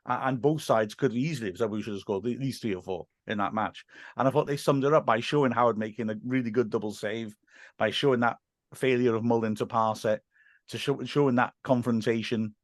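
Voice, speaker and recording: A man with a Welsh accent, a guest on a podcast, chatting casually and telling animated stories with frequent restarts. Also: medium pitch, a little fast, dry recording, studio quality. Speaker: podcast guest, football commentator. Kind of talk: casual chat.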